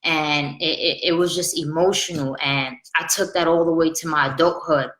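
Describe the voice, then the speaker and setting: A woman's voice: deep voice, fairly even intonation, moderate pace, a bit bright, reverberant, poor audio. A woman in her late thirties giving an earnest, conversational motivational talk as a spiritual life coach, repeating phrases for emphasis. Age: 30s.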